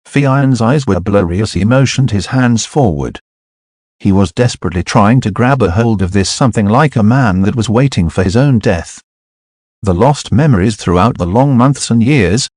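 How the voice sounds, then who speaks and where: Man, audiobook narration, low voice, dry close sound, steady reading. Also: normal speed, no room sound. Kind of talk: scripted novel narration.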